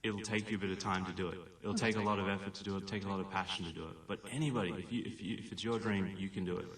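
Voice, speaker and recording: A man's voice: sits low, steady tone, racing, fairly bright tone, roomy sound, recorded from a distance. An Australian man from Perth, a filmmaker guest on a radio interview, talking earnestly with many fillers and restarts. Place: radio studio.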